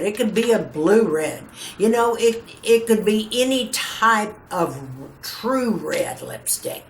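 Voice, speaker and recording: A mature woman in her fifties talks to her viewers as a beauty vlogger, chatty and encouraging, and keeps calling them girlfriend. Her voice sits a little low and comes from a slight distance. The room gives it a noticeable echo over faint background ambience. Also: gravelly, slight background noise. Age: 50s. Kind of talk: casual advice to camera.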